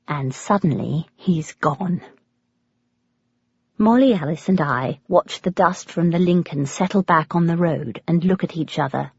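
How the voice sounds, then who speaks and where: A woman with an English accent narrating a memoir audiobook in a measured, expressive storytelling manner. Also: fairly low pitch, slightly rough, no room sound, highs cut off.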